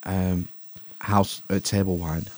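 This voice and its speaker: A man's voice: low voice, flat delivery, slow, darkish tone, no room sound. A man casually chatting on a podcast, telling a story with laughs and casual swearing. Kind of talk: casual chat.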